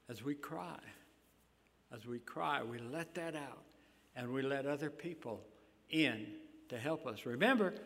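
An older man preaching a sermon in a halting, folksy way, with many fillers and restarts. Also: on the high side, pushed and bright. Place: church sanctuary. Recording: long hall reverb.

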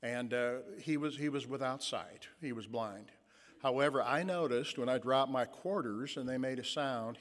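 A man's voice: mid-range voice, a bit bright. A man preaching a sermon. He muses with fillers and retells a story vividly in the second person. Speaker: pastor. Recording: long reverb of a large hall.

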